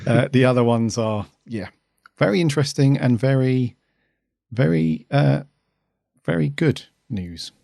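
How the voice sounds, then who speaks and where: A man's voice: medium pitch, animated, measured pace, vocal fry, dark tone, no room sound, studio quality. A man hosting a podcast, upbeat and jokey as he runs the show. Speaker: podcast host. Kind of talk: casual chat.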